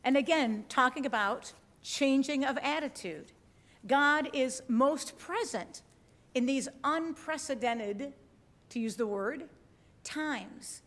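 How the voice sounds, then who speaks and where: On a church livestream, a woman pastor with a high, slightly bright voice speaks slowly in a conversational sermon to her online congregation. She checks in with listeners often, using frequent tag questions.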